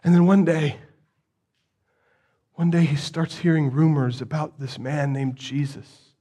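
With a slightly high voice and a measured pace, a man delivers a dramatic sermon retelling. He moves between quiet passages and loud pleas and asks his listeners rhetorical questions.

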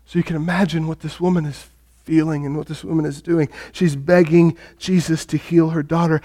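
A man's voice: on the high side, little pitch movement, a little fast, mellow. A male pastor preaching a sermon and retelling a story with drama, speaking directly to the congregation.

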